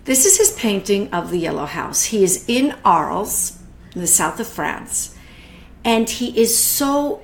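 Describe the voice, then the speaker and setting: A middle-aged woman hosting a live online art class, chatty and warm with viewers, greeting them by name and often restarting her sentences. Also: mid-range voice, slight background noise. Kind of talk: live-streamed casual art talk.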